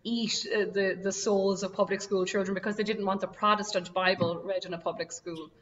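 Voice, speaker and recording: An Irish woman with a mid-range voice gives a relaxed, chatty presentation over a video call, leaning on "you know" as she goes. She sounds distant from the mic, and the sound is dull and muffled. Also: mid-range voice, fairly quick, slight background noise. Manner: conversational, full of "you know" fillers. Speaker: museum director presenting a talk. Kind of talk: virtual presentation.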